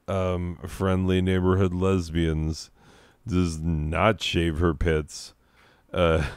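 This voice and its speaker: A high man rambling crudely and joking as he hosts his own gameplay commentary. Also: clear, resonant tone, no echo, studio quality. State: high on drugs. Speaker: let's play host. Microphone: own desk microphone.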